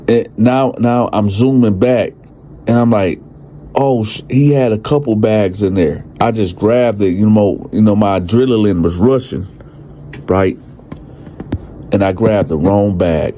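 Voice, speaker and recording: A man's voice: fairly low pitch, unhurried, pauses often, warm tone, slight background noise. A man telling a true crime story from his own life in a casual, profane style, talking to his listeners as y'all. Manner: profane street slang, addresses listeners as y'all. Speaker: storyteller and channel host.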